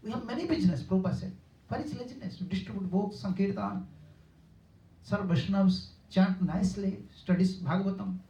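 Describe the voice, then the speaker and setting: Brisk and high-voiced, an older man gives a storytelling sermon as a spiritual teacher in a distant, echoey temple hall. The audio is dull with slight background noise. His non-native English is simple and repetitive, and he animates quoted characters.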